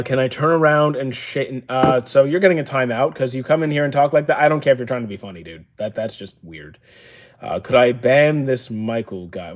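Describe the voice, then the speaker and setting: A man in his thirties, streaming from a room full of stored action figures. He reads chat comments aloud and answers them at a mid pitch, offhand and deadpan, with plenty of "uh" and short dry comebacks. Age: 30s. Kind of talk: casual livestream chat, reading and answering viewer comments. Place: indoor room used for storing action figures.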